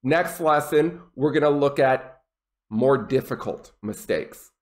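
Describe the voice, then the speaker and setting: A man teaching an English lesson, explaining common mistakes slowly and deliberately with example sentences. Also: mid-range voice.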